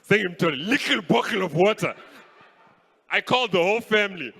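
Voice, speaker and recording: A man doing a live stand-up routine, acting out his family's voices in animated bits. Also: high-pitched, a little fast, gravelly, husky. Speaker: stand-up comedian. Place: live comedy stage at an arts festival. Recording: echoey hall.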